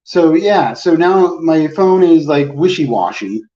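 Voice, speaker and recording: A man's voice: a little high, lively intonation, a little slow, mellow. A man telling a long, exasperated story in casual chat, acting out everyone in it. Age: adult, with a phone plan since the early 2000s. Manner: rambling, exasperated, quotes people in his story. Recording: roomy, distant, dull lo-fi sound.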